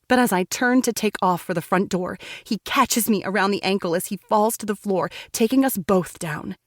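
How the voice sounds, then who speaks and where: A woman's voice: mid-range voice, no echo, studio quality. A woman reading a first-person romance audiobook in a dramatic, intense way. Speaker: audiobook narrator.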